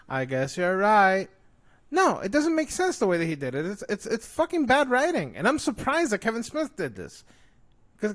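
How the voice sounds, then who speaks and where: A man co-hosting a casual show, ranting excitedly and swearing a lot. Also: high-pitched. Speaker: podcast co-host. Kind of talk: casual chat.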